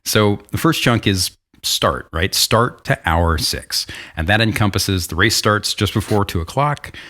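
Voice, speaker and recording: A man hosting a podcast, chatty and animated as he sets up stories and questions. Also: lowish voice, measured pace. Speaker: podcast host. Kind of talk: casual podcast chat.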